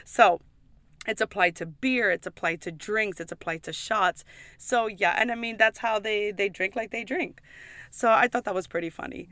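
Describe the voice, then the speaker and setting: A woman's voice: mid-range voice, normal speed, a bit bright, no room sound. A woman who works as a pub server, giving chatty, emphatic advice in a casual vlog, swearing freely and peppering her talk with "like" and "okay?". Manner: frequent "like" and "okay?" asides.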